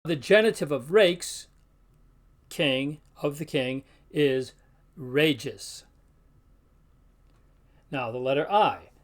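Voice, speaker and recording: A Latin teacher, his voice a little high and animated, gives a pronunciation lesson in an instructional video. Example words are sounded out slowly and carefully.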